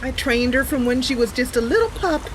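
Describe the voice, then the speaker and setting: A woman's voice: sits high, lively intonation, brisk, a little hiss or hum, low-quality recording. A woman hosting her channel, chatting casually and playfully over gameplay, giggling often. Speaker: channel host, gamer.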